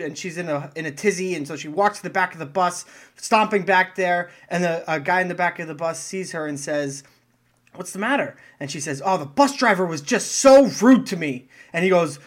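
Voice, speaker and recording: A woman's voice: on the low side, normal speed. A woman co-hosting a podcast, playful and cheeky as she tells jokes in casual banter. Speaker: podcast co-host. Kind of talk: casual banter and joke-telling.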